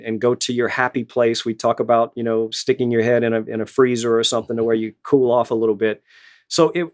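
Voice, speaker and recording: A middle-aged man with a Louisiana accent, a retired high school band director telling stories in an interview, with many restarts and fillers. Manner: storytelling, many repeated words and fillers. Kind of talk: casual interview answers.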